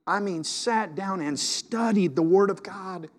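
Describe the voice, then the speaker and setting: A male pastor with a fairly high voice delivers an impassioned sermon. He drops to hushed, confiding asides, then rises to loud, urgent exhortation. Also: unhurried.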